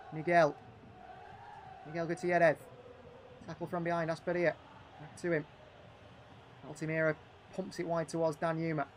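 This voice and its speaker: Male stream host, high-pitched, running live play-by-play with animated, frustrated asides. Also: slight background noise. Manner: animated, frustrated, thinking aloud between match calls. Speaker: gaming livestream host. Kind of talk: live play-by-play commentary on a football management game.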